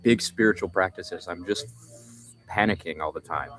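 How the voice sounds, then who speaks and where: A man's voice: low-pitched, moderate pace, noisy background. A young man hosting a livestream, telling a rambling story in casual chat, often breaking off mid-sentence. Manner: rambling, self-interrupting storytelling. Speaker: livestream host.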